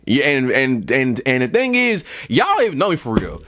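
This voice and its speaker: A young man hosting a podcast, delivering a comedic rant and sounding a little tired. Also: moderate pace. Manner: animated, swings into high mocking voices. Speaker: podcast host.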